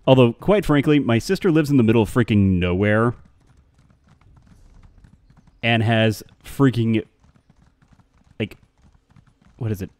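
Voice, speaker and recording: A man's voice: medium pitch, lively intonation, a little fast, a little mellow, no room sound. A man chatting casually on a live game stream, rambling and answering his chat.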